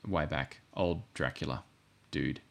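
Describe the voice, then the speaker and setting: A man's voice: a bass voice, measured pace, vocal fry. A man co-hosting a podcast, talking casually in a rambling way and correcting himself as he goes. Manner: rambling and self-correcting, with asides. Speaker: podcast co-host.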